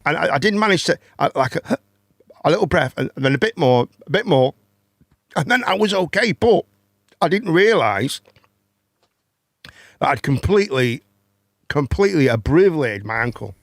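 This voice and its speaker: Gravelly guy rambling thru a story, swears a lot, dry close sound. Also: on the high side, animated, moderate pace, long pauses, dry recording. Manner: rambling, swearing, repeats words. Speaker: host. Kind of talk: casual chat storytelling.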